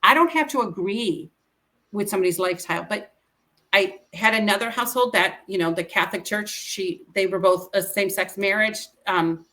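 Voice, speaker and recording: Earnest bright-voiced middle-aged woman. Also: medium pitch, moderate pace. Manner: earnest, emotional, quotes others in conversation. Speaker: interview guest. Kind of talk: personal storytelling.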